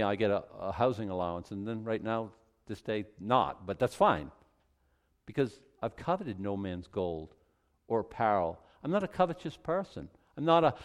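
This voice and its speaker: Folksy, animated man preaching a sermon. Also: mid-range voice. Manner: conversational preaching, folksy asides, repeats words. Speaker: pastor.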